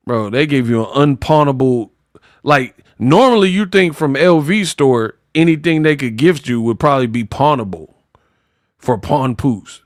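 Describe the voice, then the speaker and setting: A man hosting casual boxing commentary, animated and mocking, slipping into high-pitched impressions. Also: normal speed, no echo, clean studio sound.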